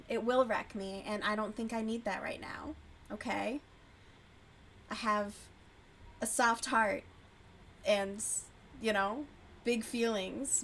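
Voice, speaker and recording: A woman's voice: medium pitch, fairly bright tone, slight background noise. A woman hosting a casual livestream while crocheting, chatting loosely, swearing freely and answering her chat as she goes. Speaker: livestream host.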